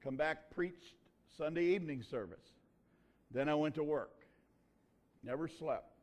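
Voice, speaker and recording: A male pastor delivers his sermon in a relaxed, folksy manner, telling stories with homespun grammar. His voice sits a little higher than most men's. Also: measured pace. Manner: folksy, conversational preaching with dialect grammar. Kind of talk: sermon with personal story.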